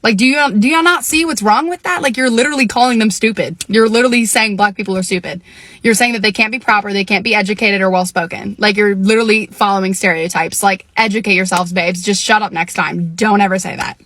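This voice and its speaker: A woman's voice: medium pitch, fast, fairly bright tone, no room sound, studio quality. A woman talking straight to camera in a blunt, lecturing way. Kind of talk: casual talk to camera.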